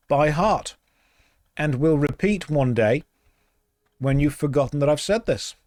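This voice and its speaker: A man's voice: on the high side, a little slow, darkish tone, dry recording. A man chatting casually with viewers while playing a game, in a dry, sarcastic way. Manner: dry, sarcastic banter with chat. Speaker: streamer. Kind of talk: casual gameplay stream chat.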